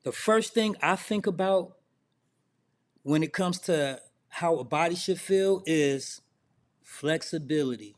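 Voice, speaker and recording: A man's voice: on the high side, slow pace. A middle-aged man coaching in a loose, conversational way, firing off questions to the listener. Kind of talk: casual self-improvement talk.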